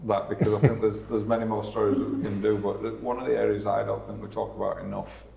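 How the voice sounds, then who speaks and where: Male podcast host, low gravelly voice, lively storyteller, echoey room. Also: quick pace, a little hiss or hum. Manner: animated storyteller, chatty. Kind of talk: casual conversation, anecdotes. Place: small meeting room at a resort. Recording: echoey room, faint ambience.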